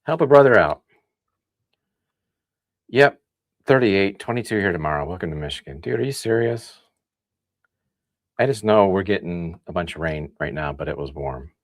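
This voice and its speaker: Chatty deep-voiced man, lively pitch. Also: normal speed, long pauses, no echo, clean studio sound. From US Midwest. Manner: chatty, reads chat aloud, thinks out loud with restarts. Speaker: livestream host. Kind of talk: casual tasting livestream chat.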